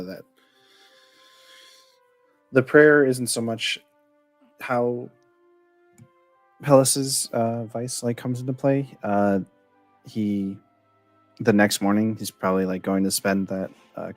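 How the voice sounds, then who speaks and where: Low-voiced man rambling about his character. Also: fairly even intonation, slow pace, long pauses, no room sound, faint music behind. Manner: rambling, full of "like" and restarts when describing his character. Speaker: player. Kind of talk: casual tabletop play chat.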